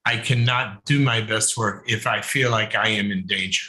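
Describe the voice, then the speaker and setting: A man's voice: lowish voice, steady tone, normal speed, bright, forceful tone, pitched below the performer's own voice. A man putting on the voice of a very old, stern German male therapist with a German accent, laying down firm conditions.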